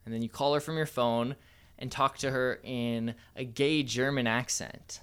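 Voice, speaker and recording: A man's voice: medium pitch, steady tone, moderate pace, fairly bright tone, clean tone. A man giving casual, playful dating advice as a coach, with a slightly cocky manner.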